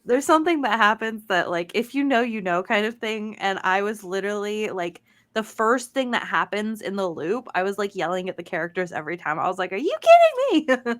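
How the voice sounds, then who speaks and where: A woman's voice: medium pitch, a little fast, hardly any pauses, fairly bright tone. A woman co-hosting a gaming podcast, chatting casually with lots of fillers and laughter. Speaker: podcast co-host. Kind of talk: casual chat.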